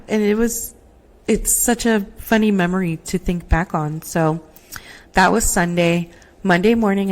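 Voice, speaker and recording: A woman's voice: fairly low pitch, darkish tone. A young woman hosting a podcast, telling her own story in a casual, emotional way with lots of fillers, recorded on a laptop mic at home. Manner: emotional, chatty, many fillers and "like". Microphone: laptop microphone.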